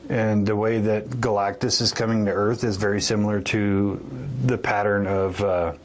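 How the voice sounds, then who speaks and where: A man's voice: on the low side, level tone, moderate pace. A man co-hosting a podcast in casual banter, joking crudely and swearing often. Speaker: podcast co-host.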